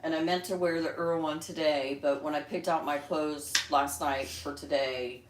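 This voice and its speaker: A woman's voice: steady tone, normal speed. Chatty woman livestreaming from an echoey room. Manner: chatty, answers viewers by name; coos at her birds in a high coaxing voice. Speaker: livestream host with pet birds. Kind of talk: casual livestream chat. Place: at home. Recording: echoey room, far from mic, noisy.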